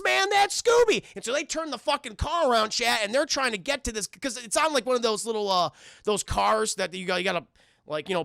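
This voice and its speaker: A man's voice: high voice, gravelly, bright, forceful tone, dry recording, studio quality. A man casually recapping a cartoon episode for his live chat, rambling and profane, talking straight to the viewers. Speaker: streamer reviewing a cartoon.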